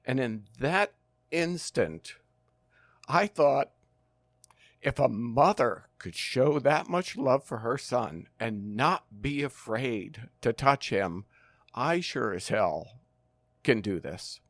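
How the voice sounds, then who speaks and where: An older man, a former firefighter and nurse, telling his story in an interview in an earnest, measured way with frequent ums and uhs. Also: medium pitch, expressive, dry recording.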